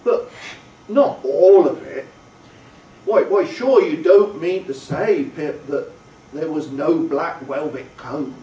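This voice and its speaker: A man voicing a kindly, simple village blacksmith who speaks in a slow, drawling country way. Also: on the high side, warm tone, lo-fi sound. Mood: amazed, coaxing. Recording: roomy, distant, faint ambience.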